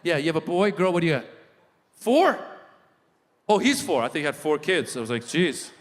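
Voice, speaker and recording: A middle-aged man performing a stand-up comedy set, telling animated stories and shouting in character voices. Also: fairly high pitch, quick pace. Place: large live venue. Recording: live hall with long reverb.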